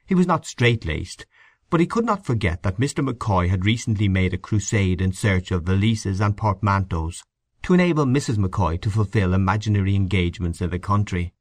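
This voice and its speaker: A man narrating literary fiction for an audiobook in a measured, expressive manner. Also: low voice, no echo.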